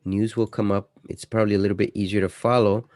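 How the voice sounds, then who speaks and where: A man hosting an investing channel, talking casually over his screen in a chatty way, going from loud emphasis to dropping quiet. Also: fairly low pitch, little pitch movement, fast talker, no echo, clean studio sound. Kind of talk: casual screen-share commentary.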